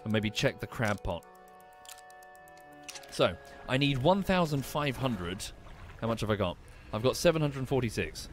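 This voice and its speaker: Chatty man with lively pitch. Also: a little slow, faint music behind. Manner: chatty, wry, swears casually. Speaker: streamer. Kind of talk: casual gameplay commentary.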